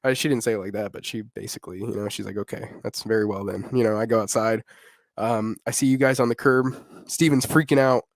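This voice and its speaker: Animated young man telling a story. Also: mid-range voice, fast talker, dry recording, clean studio sound. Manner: animated, swearing, slangy, laughing often. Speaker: podcast co-host. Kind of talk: casual storytelling chat.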